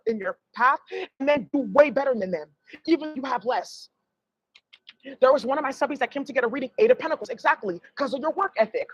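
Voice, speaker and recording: A woman's voice: high voice, lo-fi sound. A woman giving a blunt, rambling tarot reading to her viewers, emphatic and profane. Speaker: tarot reader.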